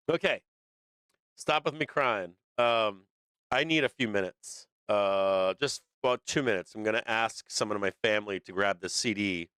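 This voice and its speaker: A man hosting a livestream, talking unscripted with heavy swearing and halting fillers. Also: on the low side, a bit bright, smooth, dry recording, clean studio sound. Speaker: livestream show host.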